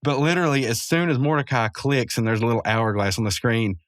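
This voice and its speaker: A man's voice: mid-range voice, fairly even intonation, fast, no room sound. A man casually recapping a cartoon episode into a close podcast mic, rambling, chuckling often and correcting himself as he goes. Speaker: podcast host.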